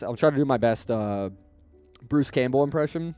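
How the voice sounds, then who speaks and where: A man's voice: medium pitch, normal speed, darkish tone, clean tone, faint music behind. A young man casually chatting on his stream, enthusiastic and rambling with lots of fillers. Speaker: streamer showing his movie collection.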